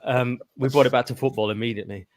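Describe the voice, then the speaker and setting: A man's voice: mid-range voice, steady tone, fast talker, no room sound. A man in a casual chat over a video call, rambling and reminiscing. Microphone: remote video call.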